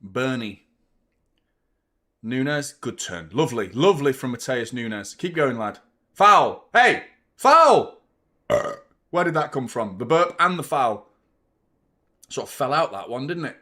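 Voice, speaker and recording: A man, hosting a football watchalong with excitable, rambling commentary and frequent swearing. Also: mid-range voice, measured pace, long pauses. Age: 30s. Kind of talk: live match commentary and chat.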